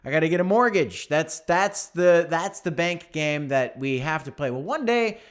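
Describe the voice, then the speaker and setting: A man hosting a casual livestream, talking in an animated, emphatic way that repeats phrases. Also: a little high, normal speed, clear, resonant tone. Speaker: livestream host.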